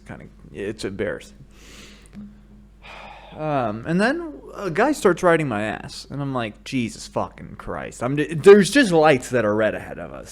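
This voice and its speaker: Animated, profane American man ranting. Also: medium pitch. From United States. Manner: profane, rambling storytelling that bursts into shouted rants. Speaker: podcast host. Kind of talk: solo comedic monologue. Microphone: studio microphone.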